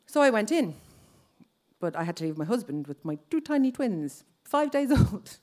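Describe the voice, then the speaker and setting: A woman's voice: medium pitch, big pitch swings, normal speed, darkish tone. A woman in her thirties with an Irish accent, telling a personal story on stage and acting out other people's lines. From Ireland.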